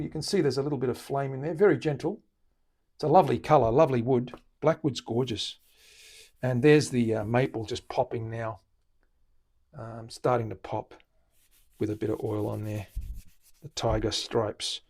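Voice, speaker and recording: A man's voice: mid-range voice, gravelly, breathy edge. A man with an Australian accent, a luthier host chatting casually through a live-stream demonstration in his guitar workshop. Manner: relaxed, chatty, explains while working.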